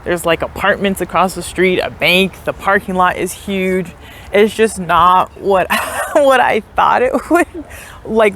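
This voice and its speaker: In a casual travel vlog shot outdoors and in a tourist building, a young woman tours a historic house and chats to viewers, leaning on "like" fillers and unsure asides. Her mid-range voice has a fairly bright tone, with a little hiss or hum.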